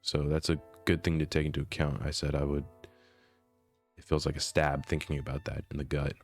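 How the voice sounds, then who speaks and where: A young man with an extremely deep, low voice talks softly and earnestly, often hesitating and trailing off. He sounds like a vlogger reading his own diary aloud and reflecting on it, with quiet instrumental music playing faintly behind him. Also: level tone, brisk. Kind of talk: reading a personal diary entry aloud, then reflective monologue.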